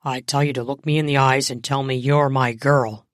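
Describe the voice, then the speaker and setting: Woman putting on a deep male lover's voice, firm, smooth, commanding, flat delivery, dry sound. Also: normal speed, no room sound. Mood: seductive, commanding. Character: confident seductive adult man playing Santa.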